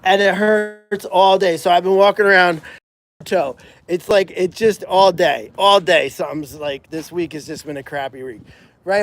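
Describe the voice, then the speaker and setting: A man with a high voice, speaking at normal speed, chats on a live stream about the animal sanctuary he runs. He rambles casually, restarting often and leaning on "you know" fillers.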